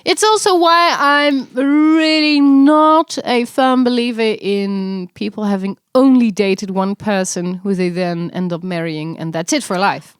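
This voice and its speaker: A woman's voice: mid-range voice, steady tone, a little slow, hardly any pauses, clear, resonant tone, dry recording, clean studio sound. A young adult woman co-hosting a podcast in casual chat, chatty and laughing often. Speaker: podcast co-host.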